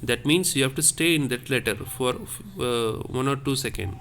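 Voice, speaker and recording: A man's voice: mid-range voice, moderate pace, fairly bright tone, slight background noise. A man teaching a lesson on French accents, explaining patiently and repeating each point step by step.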